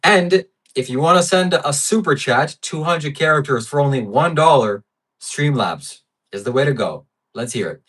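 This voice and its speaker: A man's voice: a little high, lively intonation, normal speed, a bit bright, recorded from a distance. Brash man on a livestream, off-mic. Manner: blunt, brash and profane. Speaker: livestream host reading viewer donations. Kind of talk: casual live-stream chat.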